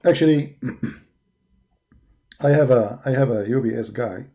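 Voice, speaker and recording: A man from the Arab world with an Arabic accent, speaking English as a second language with broken grammar, arguing forcefully in a preaching monologue. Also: mid-range voice, slow. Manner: forceful, argumentative, with non-native grammar. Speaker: religious debater.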